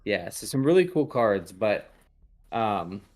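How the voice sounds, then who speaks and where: Male podcast host, low-ish voice, meandering and halting, casual chat. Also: big pitch swings. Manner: rambling, hesitant, lots of ums. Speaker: podcast host reading tarot.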